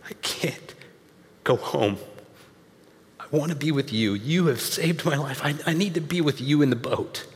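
A man's voice: on the high side, measured pace, pauses often, long reverb tail, voice pushed up. A preacher acting out a desperate healed man who pleads urgently to stay, his voice a little raised. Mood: pleading.

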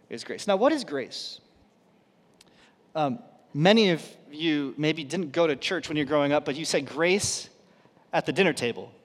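Pastor, man, thirties, fairly high voice, storytelling sermon delivery, long hall reverb. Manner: storytelling, dropping to a hush for quoted lines. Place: church auditorium.

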